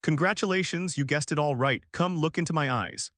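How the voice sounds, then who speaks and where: A man's voice: on the high side, fairly quick, fairly bright tone, no echo, voice pushed up, lightly acted. Male narrator voicing an ancient teasing vampire woman from a storybook, sly and lightly seductive, dry sound.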